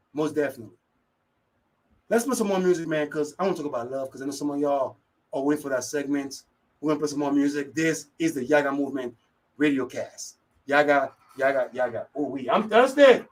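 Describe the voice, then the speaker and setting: A man hosting a live radio talk show, energetic and repetitive, speaking straight to his listeners. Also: on the high side, a little fast. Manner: energetic, repeats phrases, talks straight to listeners. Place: radio studio.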